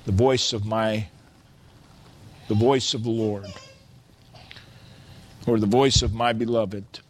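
A man preaching a sermon, quoting scripture slowly and building to loud, stretched-out exclamations. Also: on the low side, steady tone. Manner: slow, deliberate preaching with quoted scripture.

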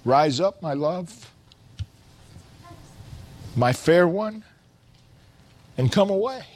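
Slow, deliberate male preacher. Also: high voice, expressive. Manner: builds to loud, stretched-out exclamations. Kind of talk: sermon.

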